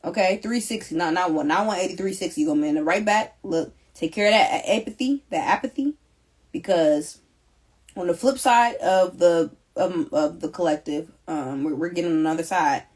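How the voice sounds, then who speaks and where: A woman's voice: lowish voice, fairly quick, a little mellow. A young woman doing a live collective tarot reading, talking in an emphatic, slangy, repetitive and emotional way. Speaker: tarot reader.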